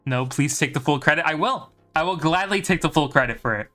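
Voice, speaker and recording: Man, light irish accent, high-pitched, bright tone, joking, chatty, live game commentary, streaming mic, faint music behind. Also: brisk. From Ireland.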